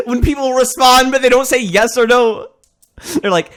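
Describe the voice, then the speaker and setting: A man's voice: high-pitched, sing-song, moderate pace, fairly bright tone. A man co-hosting a podcast in casual chat, playful and joking, laughing often between lines. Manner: playful, laughs often, jokey put-on voices. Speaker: podcast co-host.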